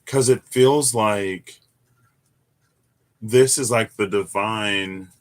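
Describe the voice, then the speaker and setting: A young man giving a casual, musing tarot reading, animated at times with sudden high exclamations. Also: very slow. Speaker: tarot reader. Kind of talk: casual reflective monologue.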